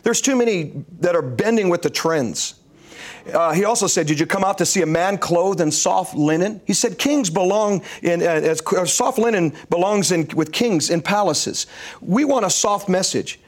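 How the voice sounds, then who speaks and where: A man with a high, light voice speaks as a guest on a talk show. He delivers prophetic declarations in a slow, deliberate cadence that swells into loud, emphatic proclamations. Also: lively intonation.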